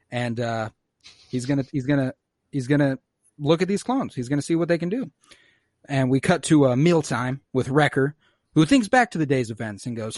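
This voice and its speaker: A man's voice: medium pitch, lively intonation, normal speed, pauses often, no echo, studio quality. A young man hosting a casual podcast, recapping an episode in a rambling way full of fillers and swearing. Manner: rambling, swearing, many uh's and likes. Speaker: podcast host.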